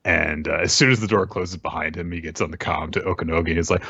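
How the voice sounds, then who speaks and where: A man's voice: deep voice, fast talker, creaky, hardly any pauses, breathy edge. A man hosting a podcast, casually and animatedly recapping a manga chapter. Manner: animated retelling, drops into character voices. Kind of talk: casual chat.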